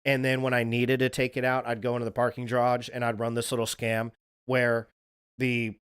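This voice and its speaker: A man's voice: medium pitch, monotone, fairly quick, fairly bright tone, clean tone, no echo, clean studio sound. A man hosting a livestream, telling stories casually, rambling, swearing freely and laughing at his own tales. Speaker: livestream host. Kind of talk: casual storytelling to a livestream audience.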